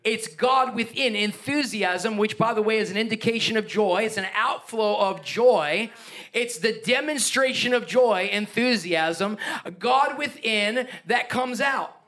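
High-voiced energetic male preacher. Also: unhurried. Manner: energetic, emphatic preaching with asides and chuckles. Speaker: pastor. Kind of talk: sermon.

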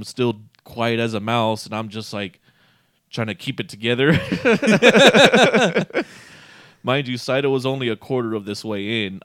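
A man's voice: mid-range voice, clear, resonant tone, dry recording, studio quality. Laughing, profane man telling a story. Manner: profane, laughing, animated retelling. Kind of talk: casual anecdote telling.

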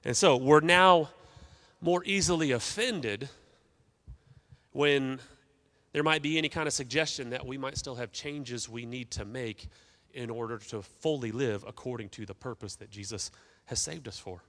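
A man's voice: mid-range voice, normal speed, fairly bright tone. A man preaching a sermon as pastor, emphatic, with call-and-response asides to the congregation. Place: church sanctuary.

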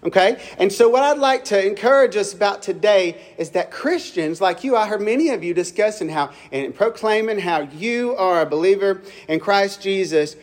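A young man from Mississippi preaches with a Southern accent, his voice sitting high for a man. He tells homespun stories and keeps turning to the congregation with questions. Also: lively intonation, moderate pace, hardly any pauses. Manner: folksy, asks the congregation questions. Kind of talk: folksy storytelling sermon.

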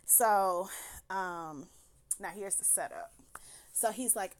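A woman telling a personal story in a casual, animated way, laughing often and slipping into quoted voices. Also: mid-range voice, slow pace.

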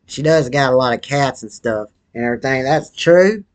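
A man's voice: medium pitch, moderate pace, lightly acted. A man voicing a crude, foul-mouthed, obese wannabe rapper in a comedy sketch monologue, rambling in a profane, slangy drawl while smoking a cigarette.

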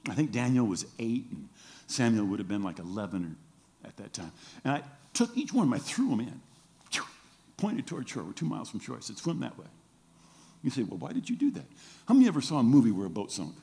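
A man's voice: fast, creaky. A middle-aged man, a pastor preaching a sermon and telling a story, who acts out the voices he quotes. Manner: animated storytelling, acts out quoted voices with big pitch jumps.

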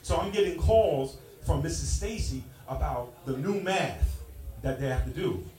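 Man, middle-aged, stand-up comic, high-pitched, punchy, teasing the crowd, echoey room, distant mic. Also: lively intonation, a little slow. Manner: loud, punchy, teasing the audience. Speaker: stand-up comedian. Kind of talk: stand-up comedy set. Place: stage in a club with a live audience. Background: audience laughing and clapping.

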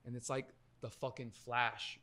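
A man's voice: mid-range voice, measured pace. A man telling a profane anecdote in casual chat, acting out other people's lines. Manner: animated, profane, acts out voices in anecdotes. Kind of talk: casual podcast storytelling.

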